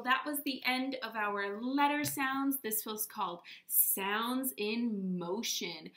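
A woman teaching young children letter sounds, slow and encouraging, demonstrating each sound. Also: fairly high pitch, fairly bright tone, roomy sound. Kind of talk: children's phonics lesson.

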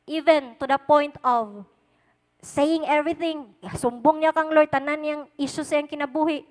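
High-voiced Filipino woman preaching in a hall. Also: steady tone, normal speed. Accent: Cebuano Filipino. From Philippines. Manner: swings between hushed and loudly emphatic; mixes English with Cebuano. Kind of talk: sermon. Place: church service at a youth event. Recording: long reverb of a church hall.

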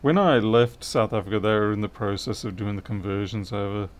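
A middle-aged man livestreams himself doing a repair, talking casually, musing out loud, rambling, and replying to chat. His voice is on the low side and his pace is brisk.

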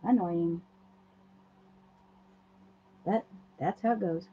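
A hoarse woman hosts a casual craft livestream, chatting through each step as she works at a home craft table. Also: lowish voice, very slow, a little hiss or hum. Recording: dull lo-fi livestream audio.

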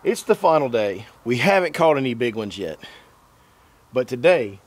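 A man's voice: medium pitch, very animated, normal speed, husky. A young man hosting a fishing vlog from a boat, chatty and upbeat as he talks straight to viewers. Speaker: fishing guide and host. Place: on a boat on a lake outdoors.

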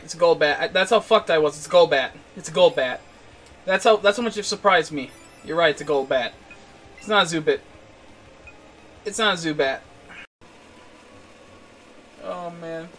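A young man giving let's-play commentary, excitable and swearing a lot, chatting to the creatures on screen and yelling at surprises. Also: fairly high pitch, brisk, pauses often, a little hiss or hum. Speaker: game streamer.

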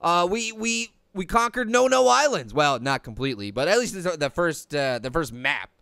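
A man voicing a cocky, hyper talking pear who brags about his gaming skills while playing a video game, slangy and prone to high squealing screams. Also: sing-song, moderate pace, gravelly, pushed and bright, clear, resonant tone, dry recording, studio quality, full character voice. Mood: chatty. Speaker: game commentator. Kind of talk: let's-play cartoon commentary.

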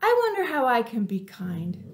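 A woman voicing a sweet, kind little female bunny in a storybook, speaking softly and with wonder. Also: sits high, very animated, very slow, roomy sound, voice pushed up, exaggerated voice. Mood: grateful, wondering.

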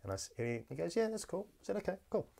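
This man has a high yet gravelly, dark voice and speaks very fast and very animatedly. Hosting a podcast interview, he tells chatty stories into the mic, laughs readily, and keeps restarting his sentences.

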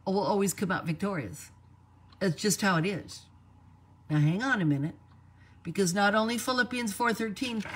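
A woman preaching a sermon in a lively way, acting out quoted voices. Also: mid-range voice, slightly rough. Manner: animated, acts out quoted voices.

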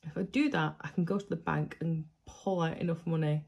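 Husky, gravelly woman vlogging. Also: low voice, fairly even intonation, brisk, darkish tone, lo-fi sound. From United Kingdom. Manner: chatty, self-mocking, thinking aloud. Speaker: budgeting vlogger. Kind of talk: casual chat to camera. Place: home, at night.

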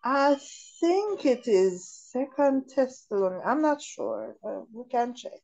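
A Jamaican-accented woman reads scripture aloud in a Bible class, careful and measured. Her voice sits somewhat high and rises and falls a great deal, heard through a dull, lo-fi recording. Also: expressive, gravelly, mellow. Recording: dull lo-fi sound.

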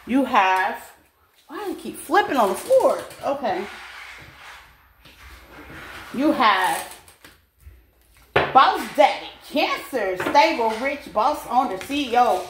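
A woman's voice: on the high side, big pitch swings, slow pace, fairly bright tone. Chatty woman reading tarot, echoey room. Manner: chatty, laughing, talks to viewers as babies. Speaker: tarot reader. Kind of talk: casual tarot reading vlog. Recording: echoey room with faint noise.

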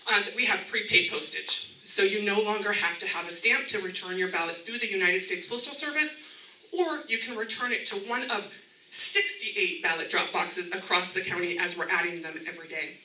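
A woman's voice: mid-range voice, bright, forceful tone, a little hiss or hum. Upbeat woman presenting in an echoey hall. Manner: upbeat, talks with the audience. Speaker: county elections director. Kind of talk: public meeting presentation. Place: community town hall meeting room. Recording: echoey room, mic from a distance.

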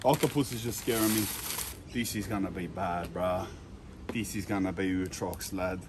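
A young man vlogging a food challenge in a loud, slangy way, full of exaggerated disgust. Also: low voice, moderate pace, noisy background. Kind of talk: casual vlog.

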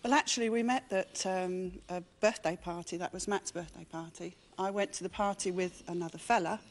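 A woman's voice: on the low side, steady tone, fairly quick. A woman from Suffolk, England, telling a story in a chatty way as a game show contestant. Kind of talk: casual studio chat.

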